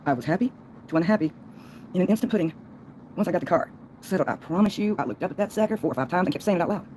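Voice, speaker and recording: A woman's voice: fairly low pitch, expressive, rapid-fire, warm tone, a little hiss or hum, low-quality recording. A woman livestreaming a long, folksy, rambling monologue, laughing between thoughts.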